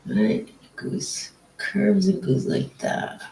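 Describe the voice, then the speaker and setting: A live-stream painter talking casually while working, muttering to themself, repeating words as the brush moves and often dropping to soft whispers. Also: medium pitch, big pitch swings, slow, a little hiss or hum. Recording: roomy echo.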